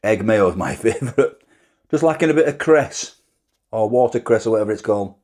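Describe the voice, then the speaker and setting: A chatty, rambling middle-aged man talks his viewers through a meal as a food vlogger. His voice sits fairly low, and he laughs easily between thoughts. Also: animated, fairly quick, a little mellow. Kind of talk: casual chat to camera.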